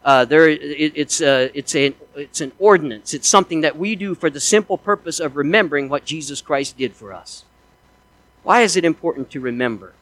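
A man preaching, his voice sitting high for a man. He builds to emphatic, rising peaks and then drops into quiet asides. The sound is close and dry, with no room echo. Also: animated, normal speed. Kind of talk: sermon.

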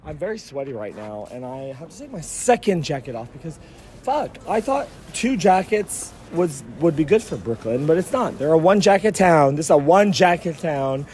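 A man giving an animated, laughing, profanity-laced recap of a concert into his phone, outside the venue after the show. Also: a little high, normal speed. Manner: animated, laughing, swearing freely. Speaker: vlogger reviewing a concert. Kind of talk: excited post-concert recap. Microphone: phone held at arm's length.

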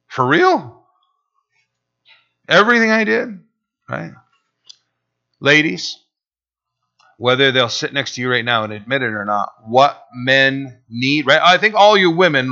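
A man's voice: mid-range voice, sharp tone. A man preaching as a pastor, emphatic and drawn out, often asking "right?". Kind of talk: sermon. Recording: dull lo-fi recording.

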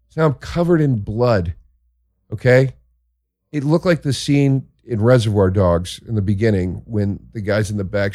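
A male comedian hosting his own show and riffing through a crude, joking story. His voice sits at an ordinary middle pitch, and the recording is close and dry with almost no room sound. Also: dry recording. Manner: crude, joking, swings into excited exaggeration. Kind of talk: casual storytelling monologue.

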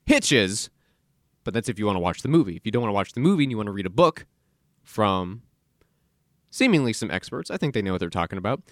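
Animated podcast host man, dry studio. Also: lowish voice, fast, long pauses, dry recording. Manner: animated, sarcastic, rants and mock-quotes people. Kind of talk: casual solo podcast monologue. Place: recording studio.

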